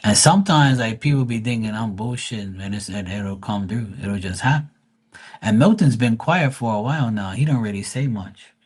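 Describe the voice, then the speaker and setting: A psychic tarot reader streaming live spins a rambling, profane story, restarting again and again. His lowish, slightly mellow voice has a breathy edge and moves at a normal speed.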